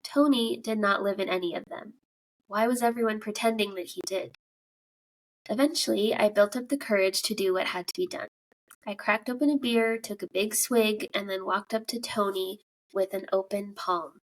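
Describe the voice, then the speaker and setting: A woman's voice: mid-range voice, moderate pace, poor audio. A woman podcast host reading a listener's scary story aloud in a casual, giggly way.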